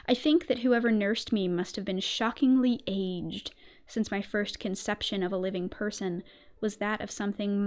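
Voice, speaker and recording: In a soft, slow, ASMR-style whisper, a woman streamer with a mid-range voice does a role-play reading of a spooky story.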